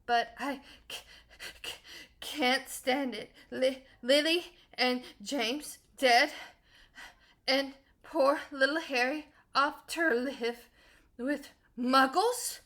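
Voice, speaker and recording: Woman doing a sobbing soft-hearted giant man. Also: mid-range voice, steady tone, normal speed. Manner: stammering, loud and drawn out. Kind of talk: storybook reading.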